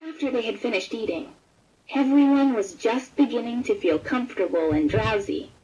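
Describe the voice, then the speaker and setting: A woman narrating a children's picture book in a gentle, expressive read-aloud manner. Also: fairly high pitch, moderate pace, poor audio. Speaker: storybook narrator. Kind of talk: scripted children's story narration.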